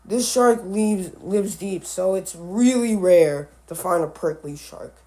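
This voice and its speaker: A man giving casual commentary on animal matchups, halting and often correcting himself, with offhand musing asides. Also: high-pitched, dark tone. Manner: halting, with frequent restarts and self-corrections. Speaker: animal video creator.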